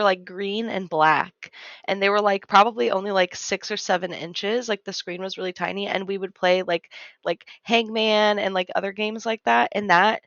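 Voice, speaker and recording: A woman's voice: medium pitch, a bit bright, dry recording. A woman in her thirties hosting a casual podcast chat, laughing often and asking curious questions. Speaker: podcast host. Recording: dull lo-fi dry sound.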